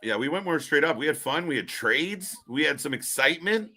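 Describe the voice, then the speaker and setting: A man's voice: a little high, lively intonation, brisk, sharp tone. A man co-hosting a casual live stream, blunt and profane, laughing often. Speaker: live show co-host.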